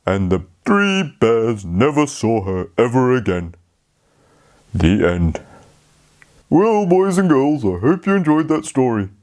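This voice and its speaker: A man telling a fairy tale to children, speaking slowly and talking to them directly. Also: medium pitch. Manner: slow, lively, talks to the children. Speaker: storyteller. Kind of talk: children's storytelling.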